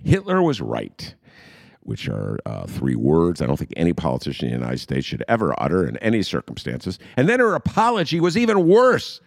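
A middle-aged man riffs on politics as a podcast host, sarcastic and mocking. His voice is low and gravelly, and it swings widely in pitch. The recording is dry and close. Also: no echo. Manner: sarcastic, riffing, mocking quotes in funny voices. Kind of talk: casual political commentary.

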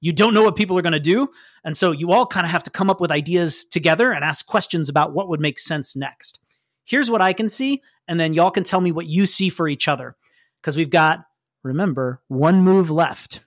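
A game master narrating a tabletop role-playing game in a lively, explanatory way. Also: medium pitch, normal speed, no echo, studio quality. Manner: lively, explanatory, laughs often.

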